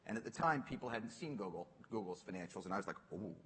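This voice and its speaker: Lively middle-aged man telling a story. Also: on the low side, fast, breathy edge, long reverb tail. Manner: lively, self-mocking, laughing through lines. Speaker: panel guest. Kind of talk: animated onstage storytelling. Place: stage at a public talk.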